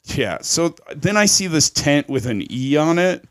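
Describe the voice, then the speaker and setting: A man's voice: a little high, big pitch swings, unhurried, no echo, clean studio sound. A man co-hosting a podcast, telling a long rambling story in casual chat, swearing constantly and laughing along the way. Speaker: podcast co-host.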